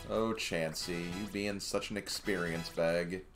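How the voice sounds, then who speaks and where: A man's voice: deep voice, steady tone, unhurried, music in the background. A man streaming a game, giving casual commentary as he plays. He thinks aloud and chuckles at his own remarks.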